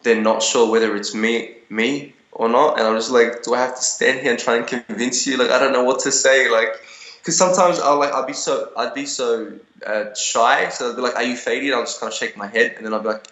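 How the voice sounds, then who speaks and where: A man's voice: medium pitch, a little fast, fairly bright tone, echoey room, highs cut off. A young man being interviewed over a video call, telling stories in a rambling way with many restarts and fillers.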